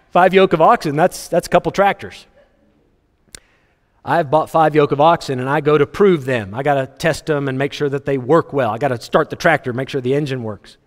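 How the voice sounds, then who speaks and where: A man preaching a sermon, reading scripture aloud and joking with the congregation in an animated way. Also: fairly high pitch. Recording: long hall reverb.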